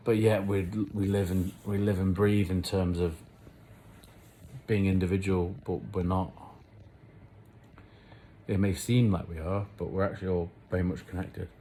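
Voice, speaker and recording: A man's voice: sits low, warm tone, slight background noise. A man rambling on in a casual, self-mocking monologue to camera, swearing freely. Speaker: vlogger.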